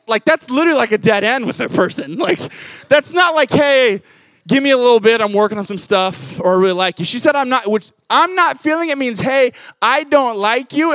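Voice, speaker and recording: High-voiced young man preaching with a story. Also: dry recording. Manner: animated storytelling, many fillers, rises when excited. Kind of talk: sermon with personal story.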